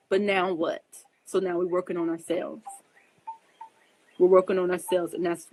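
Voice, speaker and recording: A woman's voice: lowish voice, a little mellow, a little hiss or hum, rough recording. A woman astrologer speaking casually and earnestly to her viewers, emphatic and preachy, often asking if they understand, and openly emotional. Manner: earnest, emphatic, preachy, addresses listeners directly. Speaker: astrologer giving advice. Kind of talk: casual spoken monologue to viewers.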